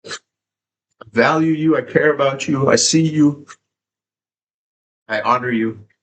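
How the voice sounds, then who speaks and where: A man's voice: mid-range voice, unhurried, a little hiss or hum. A man live streaming from home, tearful and sniffly, talking emotionally and repeating himself, with frequent swearing. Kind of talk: casual live stream chat.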